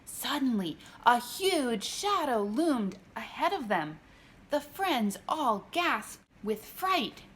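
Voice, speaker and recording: A woman reading her picture book aloud, gentle and expressive. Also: a little high, takes it slowly, a little hiss or hum. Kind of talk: storybook read-aloud.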